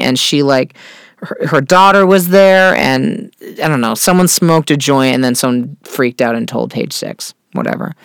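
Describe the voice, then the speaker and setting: A man hosting a casual pop-culture chat, gossiping with sarcasm, swearing freely and filling pauses with "uh". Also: fairly high pitch, a bit bright, smooth, dry recording, studio quality. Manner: chatty, gossipy, swears freely, many fillers; sarcastic, repeats catchphrase. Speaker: podcast host.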